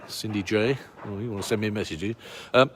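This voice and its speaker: A man with a received pronunciation English accent and a lowish voice leads a walking tour outdoors on a cold town street. He talks to a handheld camera in a loose, rambling way, full of fillers and dry little jokes. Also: quick pace, a bit bright, breathy edge. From Bristol, England. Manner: chatty, rambling, many uh fillers, wry asides. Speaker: tour guide.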